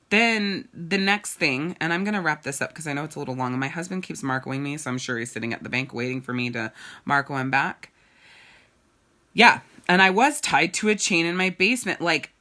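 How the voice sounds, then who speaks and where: A woman's voice: low voice, pushed and bright. A woman running a casual live video for her followers, candid and gushing, swearing casually as she talks about her clothing business. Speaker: boutique owner and sales consultant.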